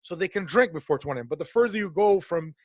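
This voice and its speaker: A man from Canada telling stories on a podcast in a casual, profane, animated way, acting out the people he quotes. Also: a little high, fast, no room sound. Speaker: podcast co-host. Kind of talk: casual storytelling chat.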